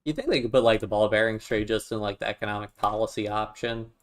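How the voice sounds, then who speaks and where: A man's voice: fairly low pitch, fast talker. A man giving casual, wry commentary while playing a strategy game, chatting to himself as he goes. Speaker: gaming YouTuber. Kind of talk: casual let's-play commentary.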